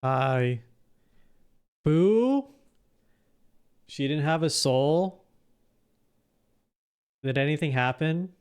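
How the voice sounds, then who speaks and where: A male streamer chats on a live stream with a high, smooth voice. He is excitable and laughs and swears often, taking his time between words. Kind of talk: casual live stream chat.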